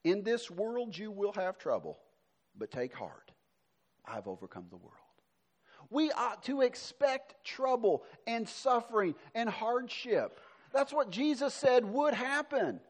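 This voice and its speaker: A male pastor, middle-aged, preaching a sermon, moving between emphatic lines and soft, hushed passages. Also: very high voice, sing-song, takes it slowly.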